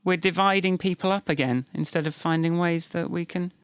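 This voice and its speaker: A man's voice: a little high, fairly even intonation, a little fast, clean tone, no echo. Man explaining things in a dry close voice. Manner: explanatory, hedging with "kind of". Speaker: podcast co-host. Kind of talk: casual chat.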